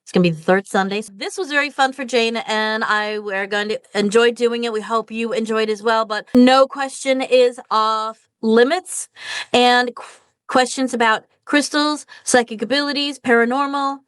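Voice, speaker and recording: A woman's voice: a little high, steady tone, moderate pace, clear, resonant tone, no echo. A woman co-hosting a casual paranormal chat, upbeat and chatty as she wraps up the show. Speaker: co-host.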